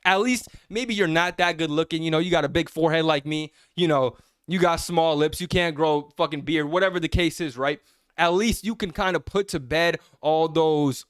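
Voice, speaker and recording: Brief: young male vlogger, slightly high voice, dry close mic, mocking and profane, confrontational. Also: no echo. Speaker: self-improvement vlogger. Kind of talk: blunt direct-to-camera rant.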